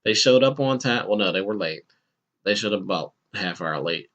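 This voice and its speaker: A man's voice: moderate pace, dull audio. A man hosting a podcast, telling a story in a casual chat and acting out the people he quotes. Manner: animated, acts out quoted voices with bursts of pitch. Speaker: podcast host.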